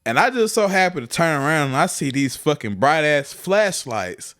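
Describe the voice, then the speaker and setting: A man's voice: on the high side, sing-song, moderate pace, a bit bright. A young man, telling a profane, laughing story as a podcast co-host. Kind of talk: casual storytelling.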